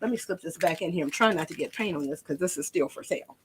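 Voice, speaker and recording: A woman's voice: low-pitched, quick pace, noisy background. A woman demonstrating a painting craft in a chatty, rambling way, often repeating her words.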